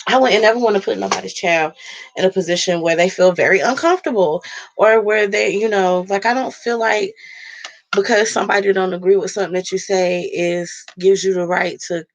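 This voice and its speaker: This is a woman venting on her vlog while she works on a wreath. She tells a personal story in a blunt, profane and heated way, and her voice sits at a middle pitch. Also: normal speed. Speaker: vlogger. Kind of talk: casual vlog rant.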